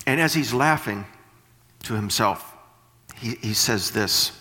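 A man preaching a sermon, reading scripture slowly and then paraphrasing it in animated bursts. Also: lowish voice, in a large hall.

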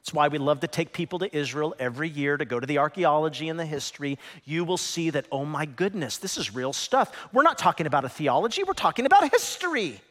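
A middle-aged man preaching a sermon as pastor, with lively swings from hushed, low lines to loud, high peaks. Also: quick pace, few pauses. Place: large church hall. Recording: long reverb of a large hall.

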